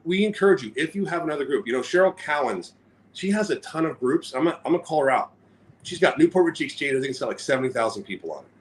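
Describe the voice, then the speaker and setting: A man co-hosting a business podcast in animated, rambling casual chat, often stopping and restarting his sentences. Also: mid-range voice, slight background noise, rough recording. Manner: animated, rambling, self-interrupting. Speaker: podcast co-host.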